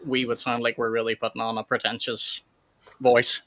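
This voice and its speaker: A man's voice: medium pitch, little pitch movement, moderate pace, pushed and bright. A man, co-hosting a casual chat and explaining things in a dry, matter-of-fact way. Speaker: co-host.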